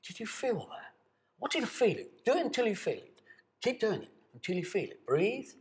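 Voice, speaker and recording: A man teaching a guided voice and breathing exercise, speaking to camera in a calm, coaxing way and demonstrating sustained sung tones. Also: sits high, moderate pace. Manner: calm, coaxing, addresses the viewer directly. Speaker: voice and meditation teacher.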